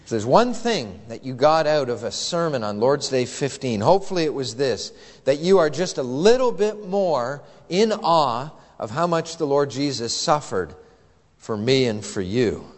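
A man's voice: mid-range voice, animated, normal speed, in a large hall. A male pastor preaching an earnest, emphatic sermon that is full of rhetorical questions.

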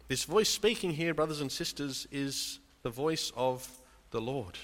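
A man's voice: on the high side, expressive, a little slow, a bit bright, long reverb tail. A man preaching a sermon in an earnest style, calling his listeners beloved and brothers and sisters. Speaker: pastor.

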